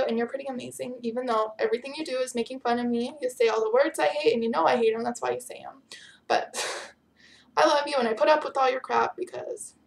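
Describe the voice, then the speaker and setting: Tired teen girl vlogging, giggly, kinda high with lots of vocal fry. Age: teens. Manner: chatty, giggly, bubbly. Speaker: vlogger answering viewer questions. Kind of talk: casual chat.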